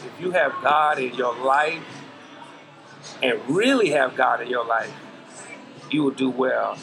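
A man's voice: medium pitch, expressive, measured pace, pauses often, music in the background, low-quality recording. A middle-aged man, a podcast guest, giving earnest, preachy life advice in casual talk full of slang. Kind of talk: casual interview chat.

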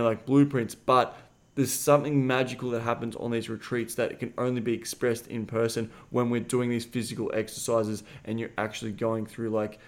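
A dating coach hosting a podcast swears freely while bluntly retelling a client's story. Whenever he quotes himself, his voice jumps loud and high.

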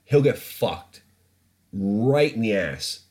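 A man's voice: fairly low pitch, expressive, slow pace, darkish tone. A man hosting a podcast in a studio, ranting about the news in casual, profane, opinionated commentary. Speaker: podcast host.

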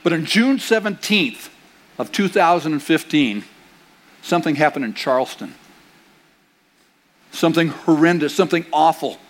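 A man's voice: fairly high pitch, animated, normal speed, pauses often. An older man, a grandfather, preaching a sermon as pastor in a conversational way, with rhetorical questions and playful asides. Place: church sanctuary.

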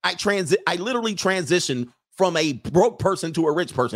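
A man's voice: high-pitched, expressive, brisk, dry recording, studio quality. A man hosting a casual livestream, reading chat comments aloud and riffing on them in a brash, joking way, laughing often.

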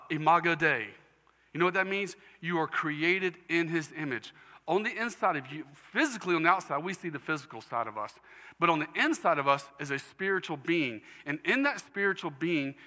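A man preaching a sermon as pastor to his congregation, emphatic, repeating key phrases slowly. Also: on the high side, bright, forceful tone, in a large hall. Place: church sanctuary.

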